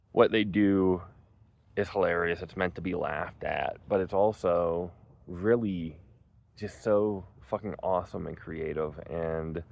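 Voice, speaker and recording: A man's voice: sits low, vocal fry. A young man reviewing a movie in casual, rambling chat, full of "like" and "um" and swearing freely. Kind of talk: casual spoken film review.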